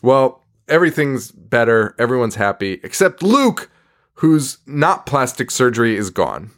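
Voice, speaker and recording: A man's voice: medium pitch, very animated, a little slow. A man co-hosting a podcast in casual chat, sarcastic and swearing freely, often laughing. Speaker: podcast co-host.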